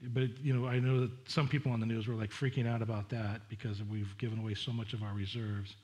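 A middle-aged man, a pastor preaching a sermon in a chatty, animated way with asides to the congregation. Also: fairly low pitch, quick pace.

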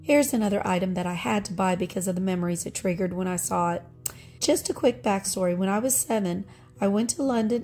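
A woman's voice: medium pitch, darkish tone. A middle-aged woman vlogger chatting about her thrift finds in a nostalgic, friendly way, laughing often. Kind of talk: casual show-and-tell narration.

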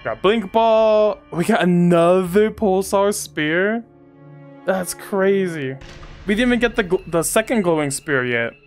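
A woman commentating her gameplay casually, excitable, swearing and trash-talking enemies. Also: medium pitch, measured pace, faint music behind. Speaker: gaming streamer.

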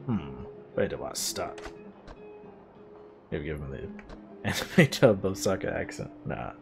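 A man's voice: rumbling low, very animated, unhurried, creaky. A man streaming a game, wry and amused, commenting and reading the characters' lines aloud. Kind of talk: let's play commentary with dialogue read aloud. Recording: game music underneath.

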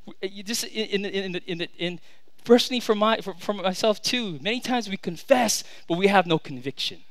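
A man in his thirties preaches a sermon in a high, smooth, resonant voice. He repeats and restarts words, then swings from loud declarations to quiet asides. The recording is dry and close. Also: lively intonation, moderate pace, no room sound. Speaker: pastor.

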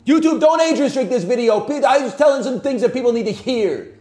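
Rambling man with a very high, lively voice. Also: a little fast. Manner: rambling, jumps between topics. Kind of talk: rambling casual monologue.

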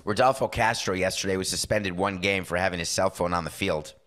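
A man's voice: sits low, fairly bright tone. Opinionated middle-aged male sports podcaster. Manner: opinionated, acts out dialogue in quick asides. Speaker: podcast host. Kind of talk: casual sports talk monologue.

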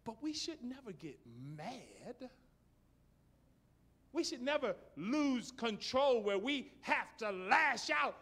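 Pastor guy preaching, tells stories, gets loud and punchy, voice jumps all over the place. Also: very high voice, lively intonation, takes it slowly. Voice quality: emphatic, storytelling, bursts into shouts. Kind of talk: sermon. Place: church service.

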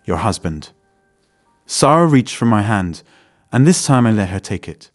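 A man narrating a first-person story in a steady, dramatic storytelling manner. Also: mid-range voice, normal speed, no echo, clean studio sound, soft background music.

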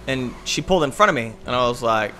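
A man's voice: medium pitch, expressive, fast talker, pushed and bright, soft background music. A young man telling a rambling story in a laid-back, casual way, full of "like" and "uh", while playing a game. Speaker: gaming video host. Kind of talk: casual gameplay commentary and storytime.

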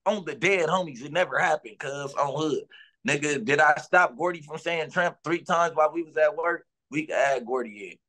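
Heated, animated man in an interview. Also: fairly high pitch, normal speed. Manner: animated, profane, insistent street slang. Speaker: interview guest.

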